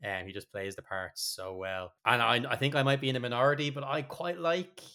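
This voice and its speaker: A man's voice: mid-range voice, brisk, pushed and bright. A man, co-hosting a podcast in casual chat, rambling and swearing freely with many restarts. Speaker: podcast co-host.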